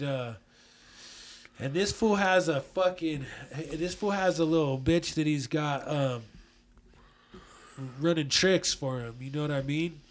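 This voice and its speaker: A young man from Colorado telling a profane, slang-heavy story in casual chat, acting out the quotes. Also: medium pitch. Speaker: guest storyteller.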